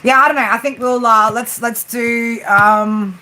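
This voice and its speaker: Australian woman, 40s, livestream host, chatty and teasing, steady rain noise in the room. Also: on the high side, unhurried, poor audio. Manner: chatty, joking, tags sentences with "right?". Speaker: livestream tarot reader. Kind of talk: casual live-stream chat. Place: room with a flat roof. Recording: steady rain drumming behind her. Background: rain on the roof.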